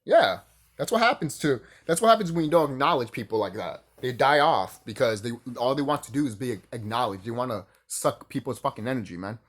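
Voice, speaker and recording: A man's voice: medium pitch, lively intonation, fairly quick. Casual ranter, male, sarcastic and fired up, cursing often, swinging voice. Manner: heated, sarcastic, swears a lot, repeats himself. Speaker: YouTuber ranting about video games. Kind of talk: casual rant to camera.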